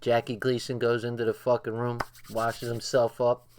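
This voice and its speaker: Older male streamer, excitable and profane, mid-pitched, laughs through his lines. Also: normal speed, heavy background noise. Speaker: livestream host. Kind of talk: late-night livestream commentary.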